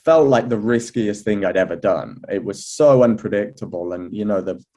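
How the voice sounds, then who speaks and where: A man, an astrology teacher, telling a personal story in a relaxed, chatty way, with many fillers, restarts and an occasional laugh. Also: lowish voice, moderate pace. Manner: laughs now and then. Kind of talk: relaxed anecdotal talk.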